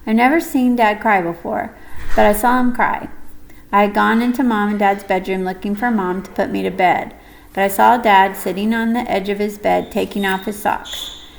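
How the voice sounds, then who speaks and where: A woman reading a first-person audiobook story in a gentle, measured way. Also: mid-range voice, fairly even intonation, vocal fry, rough recording. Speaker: audiobook narrator.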